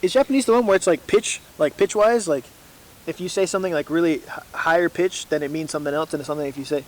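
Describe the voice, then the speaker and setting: High-voiced young man, easygoing. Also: quick pace, rough recording. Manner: easygoing, jokey, fillers with "like". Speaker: podcast co-host. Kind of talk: casual chat among friends.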